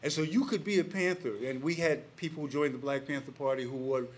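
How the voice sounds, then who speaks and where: Animated older man telling a story. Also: on the high side, brisk. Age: 60s. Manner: animated, acts out quoted voices, laughs between lines. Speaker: panelist. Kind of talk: personal storytelling to a live audience. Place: packed public panel gathering.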